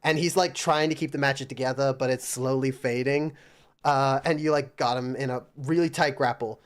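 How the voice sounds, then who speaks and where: A man's voice: mid-range voice, fairly even intonation, normal speed, clean tone. A man narrating a tabletop game as game master, in casual speech full of fillers.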